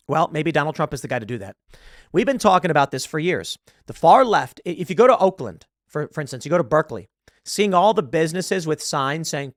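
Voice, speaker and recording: A man hosting political commentary, talking in an opinionated, animated way with a lively, swinging intonation. His voice sits a little high for a man. The sound is close and dry, with no room echo. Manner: animated, opinionated, self-correcting. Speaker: host.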